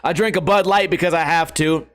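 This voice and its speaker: A man's voice: on the high side, fairly even intonation, brisk. A man hosting a podcast, telling a rambling, profane story with frequent laughter. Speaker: podcast host. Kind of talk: casual storytelling monologue.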